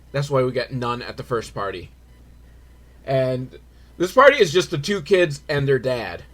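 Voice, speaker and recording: A man giving a comedic movie recap, rambling and sardonic, with crude jokes and frequent swearing. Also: mid-range voice.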